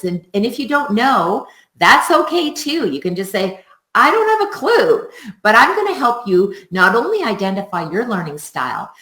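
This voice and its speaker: A woman teaching music teachers in a live webinar, upbeat and expressive, laughing often. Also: mid-range voice. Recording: roomy echo.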